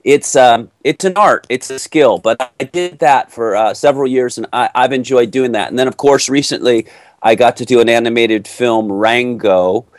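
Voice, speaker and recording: A middle-aged man from Texas, an actor answering interview questions in a playful, animated storytelling way. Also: mid-range voice, normal speed, no room sound.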